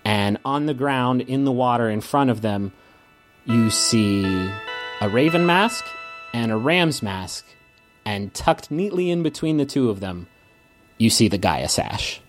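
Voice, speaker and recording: A man narrating as a game master, setting scenes with unhurried description. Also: medium pitch, lively intonation, faint music behind.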